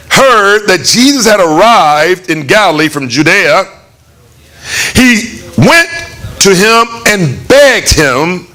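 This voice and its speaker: A man preaching a conversational, animated sermon in church, acting out lines of the story. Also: high voice. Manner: animated, conversational, acts out voices with laughs. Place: church hall.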